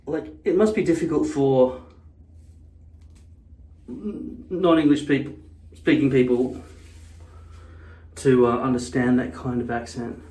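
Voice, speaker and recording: A man's voice: medium pitch, fairly even intonation, takes it slowly, pauses often, mellow. Man, casual vlog, blunt, profane, rambling asides, echoey room. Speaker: vlogger.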